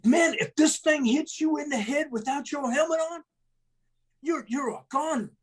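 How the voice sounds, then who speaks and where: A man putting on the voice of a gruff, profane male first sergeant who barks orders in a raised, higher voice. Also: normal speed. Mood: scolding. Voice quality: barking, profane.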